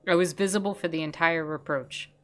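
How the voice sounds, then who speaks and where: A calm, deadpan frog detective, read by a woman, polite and unfazed, asking plain questions in an even tone. The voice is read during a relaxed stream, with faint music under it. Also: low-pitched, fairly quick, voice pushed down, lightly acted.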